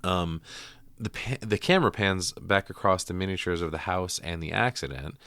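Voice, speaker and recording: A low-voiced man hosts a casual podcast, walking through a film in a loose, profanity-laced recap. His tone is bright and forward, and the sound is dry and close. He leans on fillers as he talks. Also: moderate pace, clean tone, dry recording. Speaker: podcast host.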